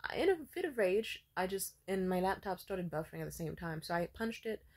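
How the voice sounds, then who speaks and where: A woman's voice: on the low side, lively intonation, fairly quick, a little mellow. A young woman talking in a rambling, profane, casual monologue full of filler words. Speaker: vlogger.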